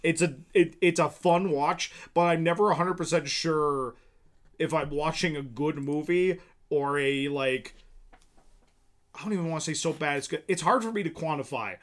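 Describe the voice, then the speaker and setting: A man's voice: fairly high pitch, moderate pace. A man co-hosting a podcast, chatting casually about movies, rambling with lots of fillers and restarts. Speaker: podcast co-host. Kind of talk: casual film chat.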